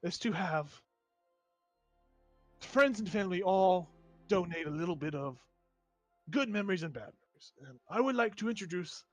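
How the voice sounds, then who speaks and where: A man voicing a pompous male wizard who leads a funeral, talking in a formal and halting way. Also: high voice, animated, dry recording, soft background music. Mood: solemn. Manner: hesitant, formal, halting speech.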